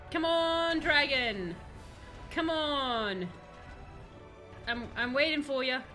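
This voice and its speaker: A woman streaming a video game, chatting excitedly and talking to the characters on screen. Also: sits high. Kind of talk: live gameplay commentary.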